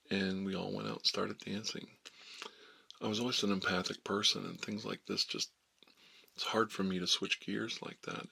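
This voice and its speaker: A man in his fifties, a life coach telling a story in a soft-spoken ASMR style, drifting between whispers and low murmurs. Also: gravelly, breathy edge. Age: 50s.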